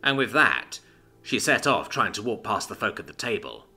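Bright, lively male story narrator. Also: on the low side, normal speed, slightly rough. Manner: expressive storytelling. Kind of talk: scripted narration.

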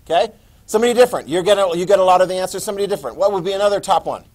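A man teaching a history class, lecturing lively and quizzing his students as he goes. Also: sits high, rapid-fire, poor audio. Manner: lively, quizzing students and repeating key words.

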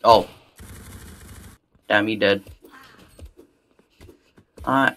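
A man chatting excitedly with friends while playing an online shooter, yelping and laughing under fire. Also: lowish voice, extremely slow. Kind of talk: casual gameplay chat.

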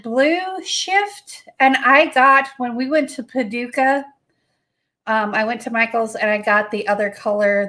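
A woman's voice: fairly high pitch, a bit bright. A woman hosting a live painting demo, chatty and folksy, talking to her paint as she works. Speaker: host.

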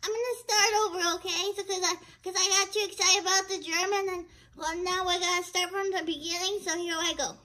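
Give me an eager little-girl puppet, squeaky high, slow and bright, for a kids' livestream puppet show. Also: fairly even intonation. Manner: childlike, hesitant fillers, sings along eagerly. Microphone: livestream phone or camera mic.

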